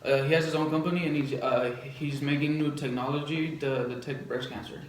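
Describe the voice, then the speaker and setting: A man's voice: on the high side, fairly even intonation, brisk. Hesitant young man in an echoey room. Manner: hesitant, lots of ums and uhs. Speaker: podcast co-host. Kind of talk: casual chat. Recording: echoey room with faint noise.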